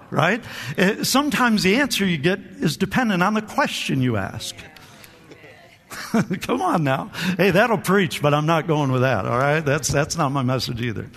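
A man's voice: a little high, lively intonation, moderate pace, creaky, a bit bright, breathy edge, long reverb tail. A man preaching a sermon to a church, calling for amens, repeating phrases and restarting his sentences. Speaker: pastor. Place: church hall.

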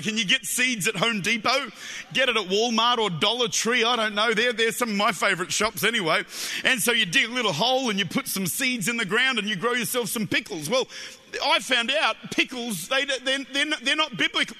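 A man with an Australian accent preaches in a big church hall, and his voice rings back with a long reverb. His voice sits very high and sounds intensely bright. He mixes jokes with passionate, shouted appeals. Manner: humorous, animated, building to shouted fervor. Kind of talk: sermon.

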